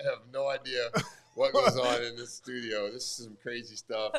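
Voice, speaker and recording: A man hosting a casual live talk show, rambling with halting restarts and frequent laughter. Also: mid-range voice, steady tone, fairly bright tone. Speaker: host.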